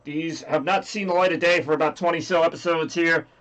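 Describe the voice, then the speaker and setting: A man's voice: on the high side, steady tone, a little fast, a bit bright, highs cut off. Scratchy-voiced man hosting a stream. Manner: rambly, jokey, reads chat aloud. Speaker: livestream host. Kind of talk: rambling casual stream chat.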